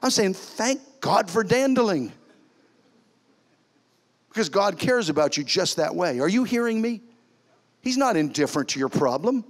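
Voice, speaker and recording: High-voiced pastor preaching animatedly. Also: male voice, brisk. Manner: animated, swings from loud exclamations to soft near-whispers. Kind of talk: sermon. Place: church sanctuary.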